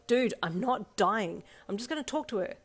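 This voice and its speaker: A woman's voice: a little high, animated, slightly rough, faint music behind, pitched above the performer's own voice. A woman reading aloud voices a blunt, slangy teenage schoolgirl who snaps easily. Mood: exasperated. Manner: slangy and blunt, quick to snap. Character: blunt, foul-mouthed teenage schoolgirl delinquent.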